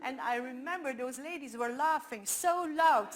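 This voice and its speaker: A woman with a Flemish accent speaks English as her second language, her first being Dutch. Her voice sits slightly high, and she gives a conference talk as a string of animated anecdotes. She restarts her sentences often as she goes. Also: moderate pace, hardly any pauses. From Belgium. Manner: animated storytelling with frequent restarts.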